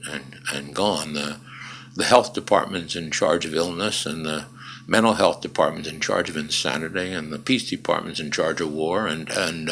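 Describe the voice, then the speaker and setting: Older male interview guest, very low and gravelly voice, emphatic storyteller with dry wit. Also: fairly bright tone, a little hiss or hum. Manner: emphatic, dry humor, frequent "uh" fillers. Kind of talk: conversational storytelling.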